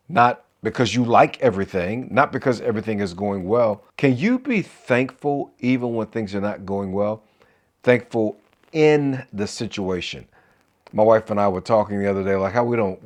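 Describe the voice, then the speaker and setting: A middle-aged man, a marriage coach, giving an encouraging talk to camera with preacher-like call-and-response asides. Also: fairly low pitch.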